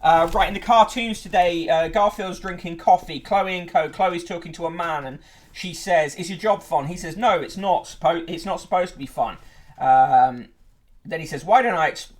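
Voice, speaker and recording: A man hosting a podcast, reviewing newspapers casually with sardonic, sweary asides. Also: a little high.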